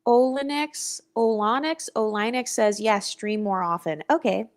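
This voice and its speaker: A woman's voice: fairly high pitch, a little slow. A young woman hosting a casual livestream, talking bluntly and with attitude, swearing freely and reading viewer comments aloud. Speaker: livestream host.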